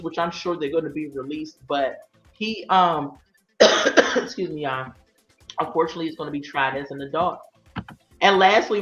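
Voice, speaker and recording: A woman's voice: lowish voice, sharp tone. A woman, hosting a casual livestream, sassy and chatty, talking straight to her viewers. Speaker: livestream host. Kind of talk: casual commentary chat. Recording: roomy, dull lo-fi sound. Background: faint light music.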